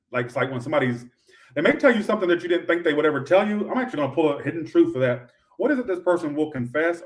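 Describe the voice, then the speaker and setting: A man giving a livestream tarot reading in a sassy, profane, rambling way, talking straight to his viewers. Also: fairly high pitch. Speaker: tarot reader.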